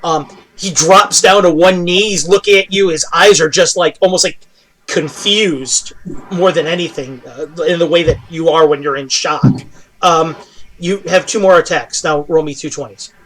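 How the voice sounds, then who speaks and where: A male game master with a high-pitched voice narrates a fantasy battle, rolling through the action in a halting way. He pauses often with ums and uhs as he describes each hit and miss. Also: fairly bright tone. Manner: halting, with many fillers.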